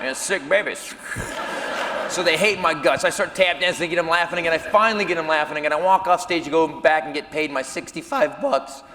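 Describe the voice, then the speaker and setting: A middle-aged man doing a stand-up comedy set, telling a story in a loud, animated way with shouted punchlines. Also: on the high side, quick pace, few pauses. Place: comedy stage before a live audience. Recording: live hall recording with audience noise.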